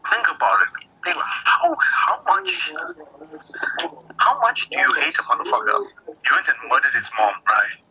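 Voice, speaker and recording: A man's voice: a little high, huge pitch swings, moderate pace, pauses often, noisy background. A man as a podcast guest in casual chat, laughing and swearing a lot.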